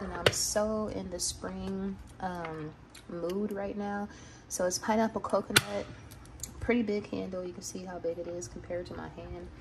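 A sassy woman chats to her vlog viewers with a gravelly, creaky edge in her mid-pitched voice. She talks in a playful, slangy way. The home recording carries noticeable noise underneath. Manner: sassy, playful, salty slang, frequent laughs. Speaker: vlogger. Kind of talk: casual chatty vlog.

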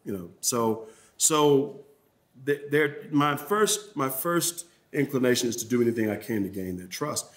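A man's voice: mid-range voice, expressive, unhurried. A man from Mississippi with a Southern accent, giving a journalism workshop talk and answering questions, often restarting with repeated words. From Mississippi, USA. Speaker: journalism trainer.

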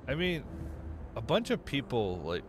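A man's voice: medium pitch, wildly swooping pitch, measured pace. A young man casually commenting on his video game playthrough, rambling, correcting himself and getting distracted. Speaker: gaming streamer. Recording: game music behind.

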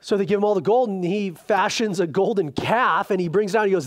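A man leads a Bible study from the pulpit and tells the old stories as if he were chatting with friends. His voice sits a little higher than most men's. He keeps his teaching loose, friendly and animated. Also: brisk. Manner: chatty and informal, retelling scripture with animated asides. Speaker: pastor.

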